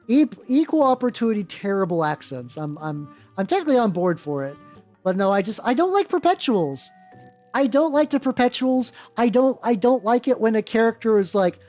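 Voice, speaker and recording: A woman's voice: a little high, lively intonation, fairly quick, darkish tone. A woman hosting a casual livestream while she paints, rambling with a lot of swearing and restarts. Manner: rambling, profane, many restarts. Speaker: streamer and host. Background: faint background music.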